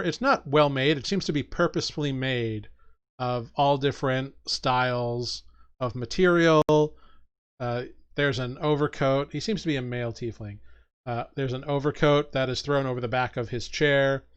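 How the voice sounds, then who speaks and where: A man's voice: medium pitch, clean tone. A man narrating as game master of a tabletop game, descriptive with many fillers.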